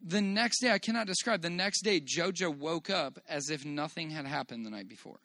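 A man speaking in a somewhat high voice, recorded close and dry. He gives an earnest, halting personal testimony to a church congregation, often restarting his phrases and giving praise to God. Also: vocal fry, bright, forceful tone, no echo. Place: church meeting room.

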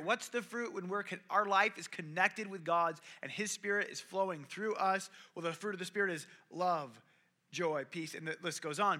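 With a high voice that sounds pushed and bright, the young man delivers a sermon in a chatty, storytelling style. He brings the people in his stories to life by acting out what they say.

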